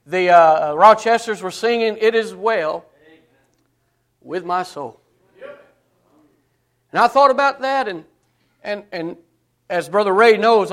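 A man's voice: high-pitched, fairly bright tone. A man preaching a sermon as pastor, calling out to the congregation and breaking into song.

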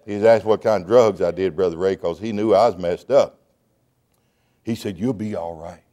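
A middle-aged man, preaching a sermon and telling his testimony with emotion, shouting at times and stammering as he restarts words. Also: low-pitched, normal speed.

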